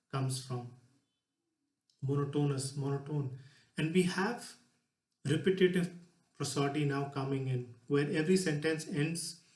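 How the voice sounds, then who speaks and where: Lively man speaking in an echoey hall. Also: a little high. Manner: lively, demonstrative, shifts voice to show examples. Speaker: speaker giving a talk. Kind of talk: public talk on stage. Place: stage before a live audience.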